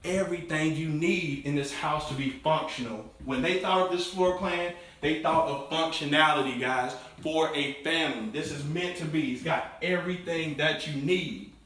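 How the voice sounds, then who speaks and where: A man hosting a walkthrough home tour, pitching each room to viewers with salesman enthusiasm. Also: a bit bright, recorded from a distance. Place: inside a show home, bare rooms. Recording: very echoey room, voice from off the mic.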